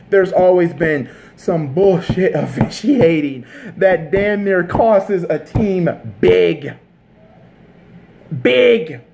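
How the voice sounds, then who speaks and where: A fired-up sports vlogger ranting straight to the camera. The voice swings up and down constantly, lively and animated, with frequent swearing, repeated phrases and restarts as the frustration spills out. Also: medium pitch. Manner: heated, profane, repeats himself and restarts mid-sentence. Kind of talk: casual sports rant to camera.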